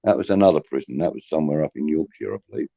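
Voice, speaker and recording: A man's voice: extremely low pitch, lively intonation, racing, creaky, warm tone, no echo. A man, casually telling cheeky anecdotes on a podcast and often saying "you know what I mean". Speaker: podcast co-host. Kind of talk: casual storytelling chat. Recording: dull lo-fi sound.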